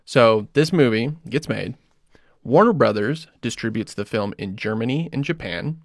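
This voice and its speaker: A man hosting a casual podcast, explaining film history in a steady run with small restarts. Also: lowish voice, vocal fry, no room sound, clean studio sound.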